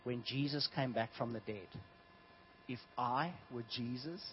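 Animated man preaching a sermon. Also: medium pitch, measured pace, slight background noise. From South Africa. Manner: animated storytelling, swings from hushed to loud. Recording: dull lo-fi sound.

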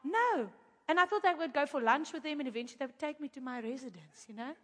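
A woman preacher telling a testimony to her audience in an animated, chatty way, with asides to the crowd. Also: high-pitched, rapid-fire. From South Africa. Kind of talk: testimony in a sermon. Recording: long hall reverb.

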